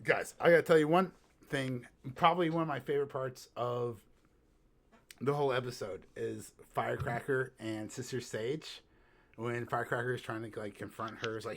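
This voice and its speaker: A man co-hosting a podcast in casual chat, ranting in an animated, profane way and sometimes breaking into shouts. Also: mid-range voice, normal speed. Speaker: podcast co-host.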